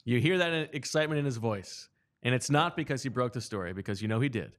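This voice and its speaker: A man's voice: mid-range voice, animated, quick pace, a bit bright. A man co-hosting a live draft show, joking and teasing his colleagues between picks. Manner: teasing, hums while waiting. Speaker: co-host. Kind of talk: playful live show banter.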